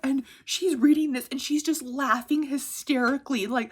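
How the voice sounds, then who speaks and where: A woman's voice: high-pitched, fairly even intonation, moderate pace, very noisy. A woman in her thirties chatting casually about her favorite picture books, bubbly and laughing often between sentences. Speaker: picture book reviewer. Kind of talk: casual book recommendations.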